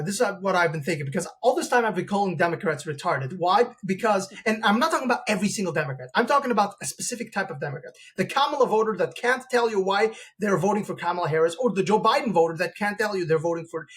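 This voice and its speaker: This podcast host's voice is high, lively in intonation, and fairly bright, and he speaks quickly. Interviewing a guest, he rambles through a lengthy opinionated argument, frequently starting over and imitating the voices he quotes.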